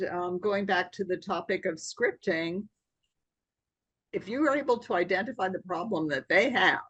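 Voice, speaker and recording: A woman's voice: medium pitch, slightly rough, dry recording. A woman, a guest on a podcast, methodically explaining how to find sales prospects with concrete examples. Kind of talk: conversational podcast interview.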